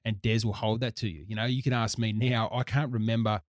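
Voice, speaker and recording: Fast-talking blunt man. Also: fairly low pitch, flat delivery, no echo, studio quality. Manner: quick, blunt, swears casually. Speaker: former player, guest. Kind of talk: casual chat.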